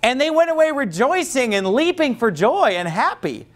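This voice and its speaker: A man preaching a sermon as pastor, animated, acting out quoted voices and often restarting. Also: extremely high pitch, normal speed. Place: church.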